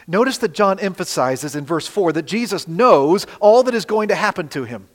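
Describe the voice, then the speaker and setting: Man, pastor, sermon, high pitch, rhetorical questions, loud-then-soft delivery, church hall reverb. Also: lively intonation, moderate pace, hardly any pauses. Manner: dramatic preaching with rhetorical questions; swings between loud emphasis and quiet asides.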